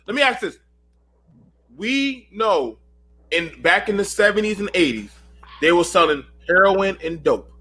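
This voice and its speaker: A man's voice: sits high, lively intonation, measured pace, long pauses, sharp tone, slightly rough. A man in his thirties hosting a heated panel call, preachy and emphatic, often repeating himself. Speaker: host of a panel call show.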